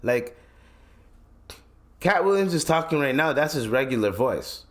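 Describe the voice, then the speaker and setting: A man in the middle of a solo podcast rant, his voice sitting at an ordinary pitch for a man. He talks bluntly and curses freely, with plenty of slang. He keeps circling back and restarting his thoughts as he goes. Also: big pitch swings, unhurried. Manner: profane, blunt, heated opinion talk; rambling with frequent restarts and slang. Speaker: podcast host.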